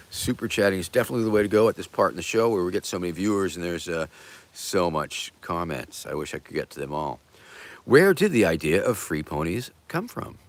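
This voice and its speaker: A middle-aged man hosting a casual livestream, answering viewer questions in a rambling, halting way with many fillers and a playful joking humor. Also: low voice, vocal fry. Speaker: host.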